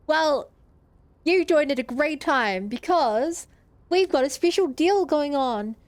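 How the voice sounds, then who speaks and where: A woman's voice: high voice, no room sound. A young woman streaming a game, chatting casually and answering her chat as she plays. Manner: chatty, reads and answers chat while playing.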